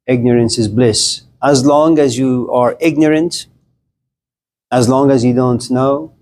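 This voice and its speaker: A man's voice: medium pitch, darkish tone. A male lecturer with a mid-range voice talks to his class in a loose, conversational way. He jokes and asks students questions as he tells a story. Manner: conversational, joking, addresses the class directly.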